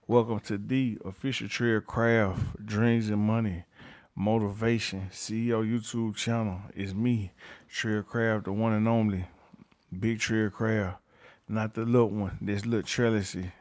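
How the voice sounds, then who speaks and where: A man's voice: lowish voice, level tone, unhurried, a little mellow. Catchphrase-repeating male livestream host. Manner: repeats catchphrases, reads chat names aloud, chuckles often. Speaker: YouTube channel host. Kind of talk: livestream chat with viewers.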